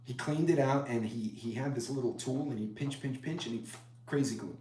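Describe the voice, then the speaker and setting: This middle-aged man, host of a preparedness live stream, speaks briskly in a mellow, medium-pitched voice while chatting and rambling to commenters. The room echoes, with slight background noise.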